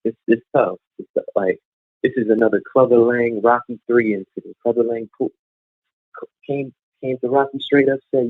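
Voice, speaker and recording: A man calling in to a boxing talk show, telling a story in a rapid, heated way. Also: medium pitch, steady tone, dry recording. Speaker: caller. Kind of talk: casual chat over the phone. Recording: dry tinny phone line.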